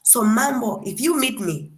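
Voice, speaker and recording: A young woman from Tanzania giving a casual classroom lesson. She drills each word slowly and deliberately, and keeps a playful, chatty manner. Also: on the high side, expressive. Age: young adult. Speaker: guest lecturer.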